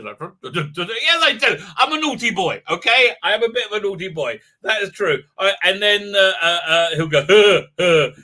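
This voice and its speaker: Hosting a livestream, a middle-aged man wanders through a comedic monologue with plenty of fillers and frequent giggles. His voice sits high and has a sharp tone.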